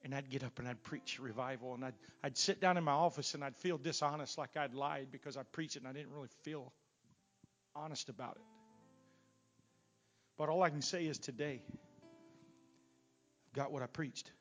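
A man preaching a revival sermon as a guest preacher in a church. He swings from loud shouting peaks down to quiet asides. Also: medium pitch, normal speed, long pauses, soft background music. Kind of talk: Pentecostal sermon. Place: church sanctuary.

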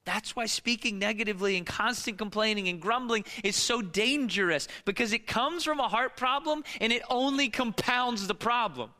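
Bright, animated male preacher. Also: high voice, moderate pace, few pauses, big-room sound. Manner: animated and conversational, casual fillers and rhetorical questions. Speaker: pastor. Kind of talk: sermon.

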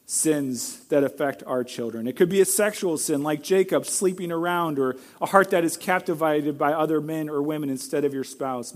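A middle-aged man with a fairly high voice preaches a sermon as pastor. He speaks earnestly and directly to the congregation. He sometimes jumps into acted-out quotes at a much louder level. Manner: earnest, acts out quoted lines with sudden loud outbursts.

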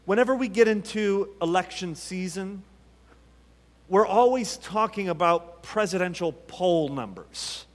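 Male pastor from the U.S., high-pitched, measured sermon delivery, long reverb of a big sanctuary. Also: expressive. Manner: emphatic, repeats rhetorical questions with dramatic pauses. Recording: long reverb from a large hall.

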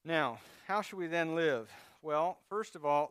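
Guy preaching a sermon, kinda high smooth voice, chatty, talks to the congregation, dry close sound. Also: animated, unhurried, hardly any pauses, a bit bright, no room sound. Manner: conversational preaching with asides and audience prompts. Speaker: pastor.

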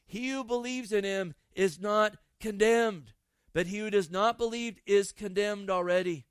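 A man's voice: high voice, a little slow, clean tone, no room sound. A male pastor preaching an impassioned sermon outdoors in a garden, repeating phrases for emphasis.

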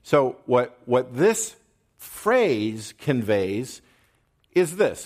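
Man, pastor, sermon teaching, emphatic, asks "okay?" often, mid pitch. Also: very animated, a little mellow. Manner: emphatic, pauses to drive points, checks in with "okay?".

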